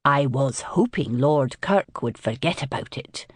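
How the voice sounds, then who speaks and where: A woman's voice: extremely low pitch, animated, measured pace, slightly rough, no room sound, clean studio sound, voice pushed down, full character voice. A woman narrator voicing a flustered, apologetic older father with white hair who rambles sheepishly and defensively.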